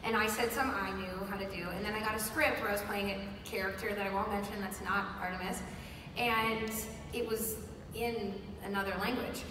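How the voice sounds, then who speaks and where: A woman's voice: medium pitch, fairly even intonation, a little fast, noisy background. A woman, a voice actress, telling a playful story on a panel in a large convention hall. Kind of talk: panel anecdote. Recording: echoey hall, far mic, crowd.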